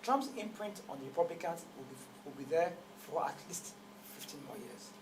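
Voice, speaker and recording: Man, Nigerian accent, quick pace, emphatic rhetorical talker, noisy background. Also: fairly high pitch, animated. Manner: emphatic, rhetorical questions, laughing asides. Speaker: guest. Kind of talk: conversational interview. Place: office.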